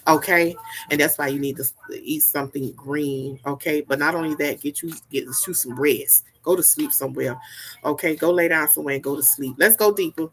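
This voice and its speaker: A woman's voice: low-pitched, fairly even intonation, normal speed. A woman giving a spiritual reading in a casual, folksy, preachy way, repeating herself and checking in with "okay?" often. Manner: repetitive, preachy, folksy, keeps asking "okay?". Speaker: spiritual reader.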